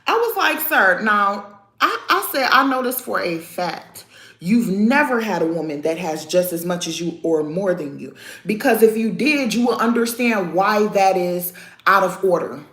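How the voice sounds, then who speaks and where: A woman in her thirties chatting casually on a live stream, animated and talkative, calling out her viewers by name. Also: mid-range voice, normal speed, reverberant. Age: 30s. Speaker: vlogger talking to live chat.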